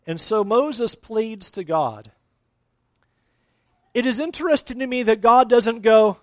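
A man's voice: sits high, expressive, measured pace, no echo. A man preaching a sermon as a pastor, acting out quotes of complaining people along the way.

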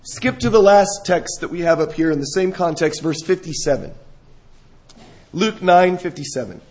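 A man preaching a sermon, reading scripture and talking it through, rising to emphatic peaks and dropping low. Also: normal speed, darkish tone. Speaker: pastor.

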